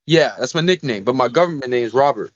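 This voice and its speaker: A man's voice: mid-range voice, expressive, fast, dry recording, lo-fi sound. A young man co-hosting a casual podcast, telling a rambling, profane story. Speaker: podcast co-host.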